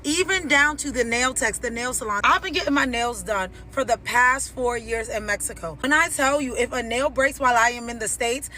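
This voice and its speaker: A woman recounts a story to camera with a dramatic, animated delivery, playing out each exchange in dialogue. Her voice sits high and sounds bright and sharp. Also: normal speed, few pauses.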